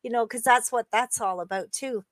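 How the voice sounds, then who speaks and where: A woman co-hosting a casual chat, talking in a relaxed, friendly way with small laughs. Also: fairly high pitch, brisk, no echo.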